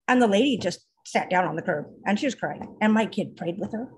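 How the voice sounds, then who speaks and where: A mother in casual conversation, telling an animated story about her teenage daughter. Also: mid-range voice, quick pace, hardly any pauses, breathy edge. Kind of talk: casual chat.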